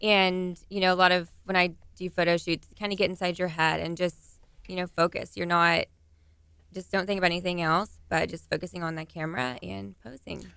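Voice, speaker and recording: A woman's voice: on the low side, steady tone, a little fast, gravelly, a bit bright, clean tone, no room sound. A young woman with a Texan accent, a pageant titleholder chatting as a radio guest in an upbeat, giggly way. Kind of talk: casual radio interview.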